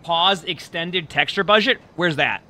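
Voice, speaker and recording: A man's voice: fairly high pitch, measured pace, pushed and bright. A male streamer talking casually to himself, puzzled as he works through the game's settings. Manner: puzzled, thinking aloud while fiddling with settings. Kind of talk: casual gameplay talk.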